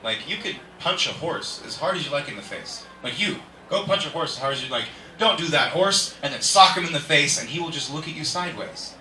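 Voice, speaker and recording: A man's voice: a little high, expressive, brisk, hardly any pauses, pushed and bright. A man doing a stand-up comedy set, rambling and laughing at his own jokes, recorded live at an indoor show. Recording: echoey room, distant mic, faint hiss.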